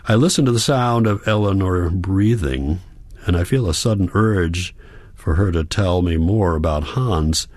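A man calmly narrating a first-person audiobook in a measured way. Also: low voice, dry recording.

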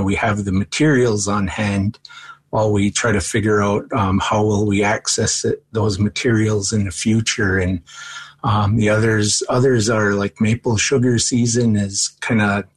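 A man with a husky, slightly low voice speaks in an interview about training future foresters. He talks in a thoughtful, measured way and pauses often with ums and uhs. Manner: thoughtful, measured, frequent fillers. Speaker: college forestry educator. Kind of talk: interview answers.

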